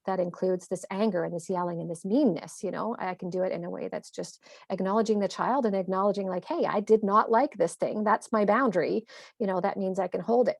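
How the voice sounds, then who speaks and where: Fast-talking woman with gravelly fry. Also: mid-range voice, dry recording, studio quality. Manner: animated, quick explaining with acted-out quotes. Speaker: parenting coach guest. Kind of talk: conversational interview.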